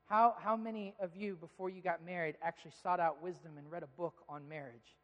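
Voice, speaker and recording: A man in his thirties, a pastor, preaches briskly with a steady tone in a voice on the high side. He tells stories conversationally and builds to emphatic pleas, on a lo-fi recording with long hall reverb.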